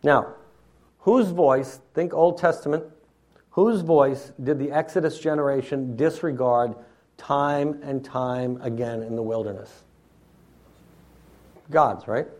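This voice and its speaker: A man's voice: medium pitch, slow, long pauses, darkish tone. A man preaching an expository sermon in a teacherly way, often checking in with his listeners.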